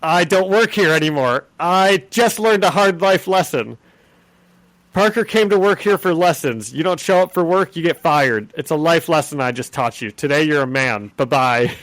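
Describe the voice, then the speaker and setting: This is a man reading aloud as a blustering middle-aged newspaper boss who scolds in a loud, mocking, drawn-out way. The voice is pitched higher than his own and pushed louder for comic effect, like a quick podcast impression. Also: dry recording, natural voice, low-quality recording.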